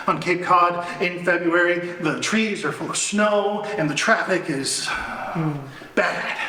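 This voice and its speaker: A man performing a one-man storytelling show live on stage, acting out the people he quotes and swinging between loud and soft. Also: sits high. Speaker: solo storyteller. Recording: echoey hall, slight room noise.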